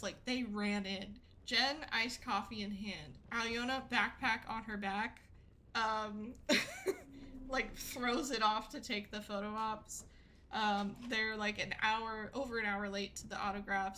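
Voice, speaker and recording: A woman's voice: medium pitch, pushed and bright, low-quality recording. A woman streamer telling a story to her chat in a chatty way, laughing often and using many fillers. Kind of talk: casual storytelling to a live chat. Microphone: desk mic with ring light setup.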